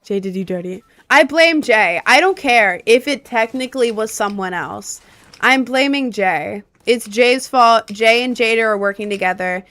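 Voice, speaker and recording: A woman streaming live gameplay who comments excitedly and keeps repeating her exclamations. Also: medium pitch, no echo.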